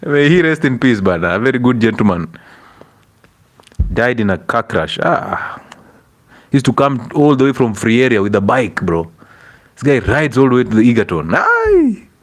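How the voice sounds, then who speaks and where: Lively, laughing Kenyan man hosting. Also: mid-range voice, normal speed, pauses often. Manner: laughs often, exclaims and switches into Swahili. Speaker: livestream host. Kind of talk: casual livestream chat reading out viewers.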